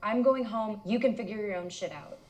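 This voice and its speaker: An actress playing a sharp-tongued young woman who is fed up. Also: medium pitch, a little fast, natural voice. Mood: annoyed.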